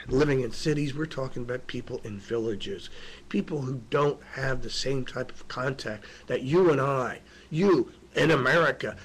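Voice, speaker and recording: A man hosting a web show, delivering an inspirational spiritual monologue that swings from hushed reflection to raised, emotional appeals. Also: mid-range voice, husky. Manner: emotional, apologetic.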